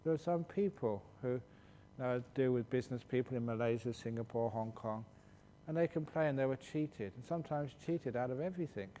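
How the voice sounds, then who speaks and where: At a meditation retreat, a Buddhist monk fields questions with humor, spinning stories and laughing as he talks. His delivery is brisk and his tone warm. The recording carries a long hall reverb and a faint low rumble.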